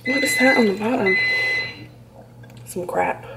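A woman's voice: a little high, unhurried, heavy background noise. A young woman vlogging casually at home, reacting dramatically and squeamishly as she talks through a recipe. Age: young adult. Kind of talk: casual vlog chat.

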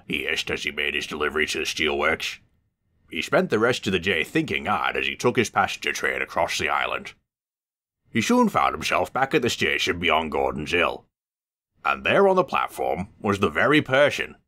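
A man reading a children's storybook aloud, expressive and voicing the characters. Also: rumbling low, normal speed.

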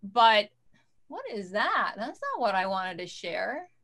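A woman's voice: medium pitch, sing-song, slow pace, a bit bright. A woman quilter chatting casually on a video call, rambling a little while she fiddles with sharing her screen. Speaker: guest quilter.

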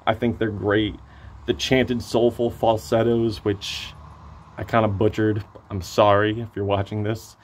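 Man, hoarse voice, slightly low pitch, excitable, casual music review. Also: unhurried, a little hiss or hum. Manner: excitable, swears, gushing praise. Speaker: album reviewer.

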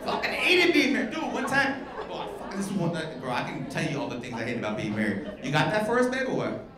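A male stand-up comedian doing loud, profane crowd work from a club stage, teasing the audience. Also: a little high, very animated, fast. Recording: echoey live club with crowd noise. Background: audience laughter and bar chatter.

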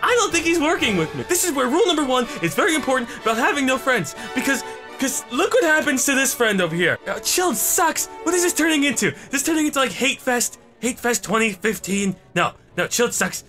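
A man giving comedic gameplay commentary, excitable and mock-serious with crude jokes. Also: very high voice, brisk. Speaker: gaming commentator. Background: background music.

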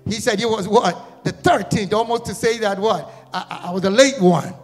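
A male guest pastor preaching an Easter sermon, firing repeated questions at the congregation and building into shouted, sing-song crescendos. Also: high-pitched, moderate pace. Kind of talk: Easter sermon with call-and-response. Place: church sanctuary. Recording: church hall reverb with music.

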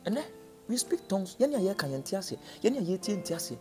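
A man with a Ghanaian accent preaching a sermon, impassioned, dropping low and then crying out. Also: sing-song, fairly quick, mellow, faint music behind.

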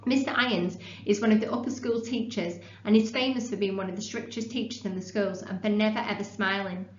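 A woman teacher explaining punctuation and reading a novel aloud in a clear, measured way, recorded in a classroom. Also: mid-range voice, fairly even intonation. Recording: echoey room, dull sound, faint hum.

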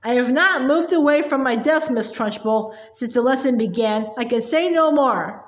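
A woman voicing a calm, fearless little schoolgirl who speaks with total composure. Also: high-pitched, normal speed.

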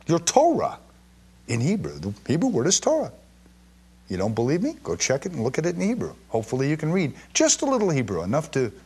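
A man with a slightly husky voice teaches scripture to a live audience, his pitch rising and falling freely as he leans on key words. He reads verses slowly and with weight, then slips into chatty asides and questions for his listeners. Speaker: Bible teacher.

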